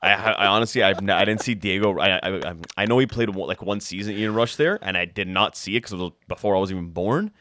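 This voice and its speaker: A man's voice: sits low, fast, few pauses, bright, forceful tone. A young man co-hosting a casual football podcast, blunt and teasing. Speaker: podcast co-host.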